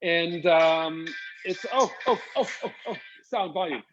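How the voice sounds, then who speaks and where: A man's voice: fairly high pitch, a little slow, lo-fi sound, music in the background. A man hosting a casual live chat, playful and camp, putting on a mock-posh accent. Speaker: host.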